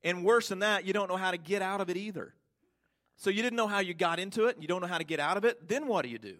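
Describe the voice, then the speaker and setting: A man preaching a Sunday sermon as pastor, asking the congregation rhetorical questions and drawing out key words slowly for emphasis. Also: sits high, a bit bright.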